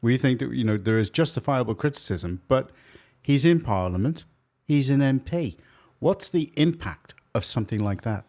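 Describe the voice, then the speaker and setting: A man's voice: medium pitch, animated, moderate pace, a little mellow. A man co-hosting a casual political chat, asking questions and steering the talk. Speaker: podcast co-host.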